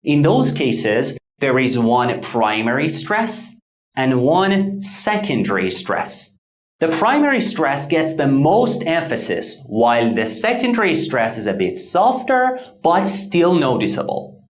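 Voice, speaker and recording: Slow, animated male pronunciation teacher. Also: medium pitch, roomy sound. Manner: measured, carefully enunciated delivery with repeated model words. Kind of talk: scripted pronunciation lesson.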